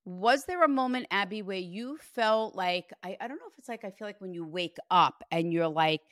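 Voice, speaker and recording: A woman medium talks through a spirit reading in an animated, emphatic way, her voice dry and close. Her pitch sits in a middle range for a woman. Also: normal speed, no echo. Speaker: psychic medium.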